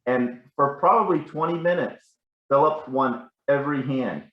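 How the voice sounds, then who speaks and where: A man's voice: medium pitch, moderate pace, reverberant, muffled recording. A man telling rambling, self-correcting stories about a family member at a casual gathering. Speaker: family member sharing memories.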